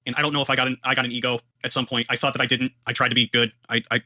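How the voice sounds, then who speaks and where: A man talks at a rapid clip with a bright, forceful edge to his voice. He sounds heated and earnest, apologizing as he goes. The sound is dry and close. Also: mid-range voice, flat delivery, dry recording. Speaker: show guest. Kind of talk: emotional livestream statement.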